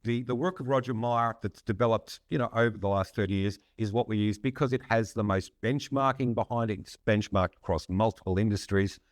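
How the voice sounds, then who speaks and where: A man, a psychologist and consultant explaining ideas in a measured, conversational way with frequent hesitations. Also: on the low side, no echo, studio quality. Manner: measured, frequent "um" and restarts, occasional laugh. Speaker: psychologist and consultant, podcast guest.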